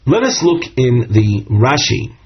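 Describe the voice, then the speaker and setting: A man with a mid-range, slightly rough voice teaches a Talmud class at a measured pace, sounding very animated. He reads Hebrew and Aramaic phrases and explains them, using fillers and restarts. The recording is dull and lo-fi.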